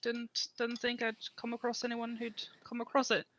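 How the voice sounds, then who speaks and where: A woman's voice: a little high, monotone, moderate pace, dull audio, noisy background, close to an everyday voice. A woman voicing a hesitant young female sailor who stammers and speaks unsurely. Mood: quiet.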